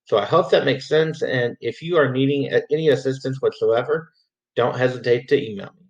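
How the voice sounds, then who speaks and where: A man's voice: medium pitch, brisk. Patient man explaining a music assignment. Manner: patient, demonstrates rhythms by chanting syllables. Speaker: music teacher. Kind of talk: screen-recorded assignment walkthrough. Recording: slightly dull lo-fi audio.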